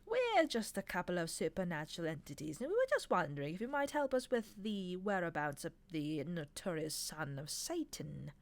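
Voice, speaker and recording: Snappish, sly male demon in a storybook reading, a woman doing the voice, a touch louder than her narration. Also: lowish voice, very animated, normal speed, hardly any pauses. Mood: sardonic. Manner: snappish, sardonic. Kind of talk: audiobook reading.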